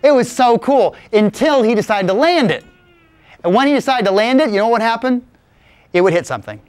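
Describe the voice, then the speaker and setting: A man's voice: very high-pitched, sing-song, brisk, a little mellow, no room sound. A man telling a playful tall tale from his childhood to a live audience. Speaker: storyteller. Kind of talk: live spoken storytelling.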